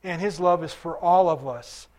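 A man's voice: a little high, normal speed, darkish tone. An older man preaching a sermon to his congregation, conversational, asking questions and waiting for answers, recovering from illness. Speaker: pastor.

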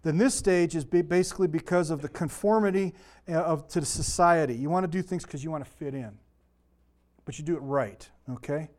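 A man's voice: fairly high pitch, fairly quick, darkish tone. Man teaching scripture with digressions. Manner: conversational, digressive, with anecdotes. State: slightly sore voice. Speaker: Bible teacher. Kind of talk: informal Bible teaching.

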